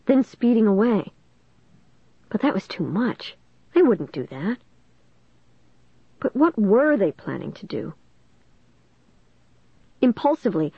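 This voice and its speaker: A young adult woman giving a steady, suspenseful first-person audiobook narration on a close mic. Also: mid-range voice, dry recording. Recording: dull dry lo-fi recording.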